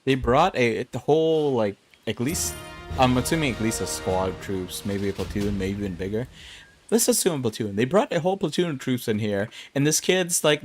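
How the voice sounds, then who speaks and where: A man's voice: medium pitch, expressive, fairly quick. A young man streaming an online game, rambling through casual commentary with self-mocking asides. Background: game music.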